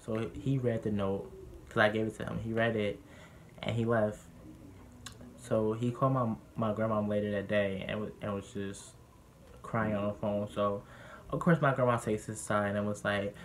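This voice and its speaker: A young man vlogging, candidly telling a personal story in a lively, animated way that gets heated when he quotes others. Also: fairly low pitch, moderate pace, slight background noise.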